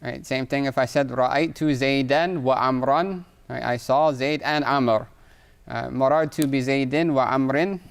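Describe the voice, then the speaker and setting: Gravelly yet clean in tone, this man's mid-range voice moves a little fast. In his recorded online lesson on Arabic grammar, he explains patiently, reads Arabic examples aloud, and frequently says "right?" to check in.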